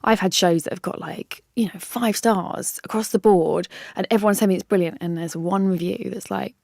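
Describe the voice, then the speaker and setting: Gravelly-voiced woman comedian guest. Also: medium pitch, brisk, few pauses, no echo, clean studio sound. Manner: animated storytelling, laughs often. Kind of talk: casual interview chat.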